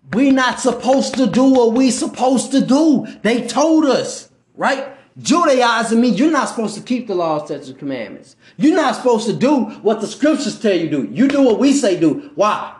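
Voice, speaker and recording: A man's voice: extremely high pitch, echoey room. A man preaching informally on a podcast, with slangy talk, often asking "right?" and stumbling while reading aloud. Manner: slangy street speech. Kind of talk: informal religious teaching.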